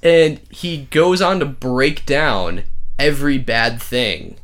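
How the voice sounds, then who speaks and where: A man's voice: mid-range voice, takes it slowly, fairly bright tone. A man co-hosting a casual podcast, counting down favorite movie scenes in a rambling, profane way. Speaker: podcast co-host.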